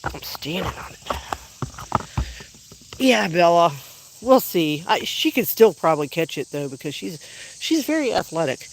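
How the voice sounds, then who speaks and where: A dog owner chatting casually on a livestream from an outdoor backyard, rambling and now and then shouting to call the dogs. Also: mid-range voice, big pitch swings, unhurried, vocal fry, pauses often, poor audio.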